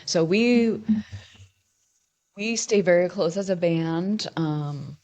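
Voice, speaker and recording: A woman's voice: fairly low pitch, takes it slowly, darkish tone. A woman in her fifties, a musician guest in an interview, talking candidly and rambling with many restarts as she tells her story.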